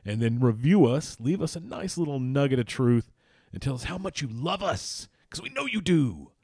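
A man's voice: mid-range voice, expressive, moderate pace, mellow, no echo, clean studio sound. A man co-hosting a casual sports podcast, loose and rambling, swearing freely. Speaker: podcast co-host.

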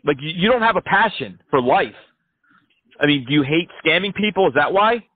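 A man's voice: on the high side, lively intonation, brisk, breathy edge, dry recording, narrow, tinny audio. A man prank-calling scammers, taunting and cursing them with sarcastic jabs. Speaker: scam-baiting host.

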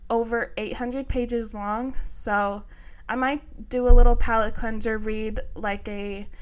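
Brief: young woman podcast host, chatty and gushing, unhurried, clear smooth voice. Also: fairly high pitch. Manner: chatty, many fillers, excited and emotional. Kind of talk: casual chat.

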